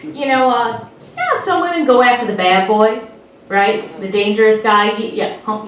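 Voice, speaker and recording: A woman's voice: fairly high pitch, animated, moderate pace, over a noisy crowd. A woman doing a stand-up comedy routine on a club stage, with playful, teasing audience banter. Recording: echoey club from far, with audience. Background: audience laughter.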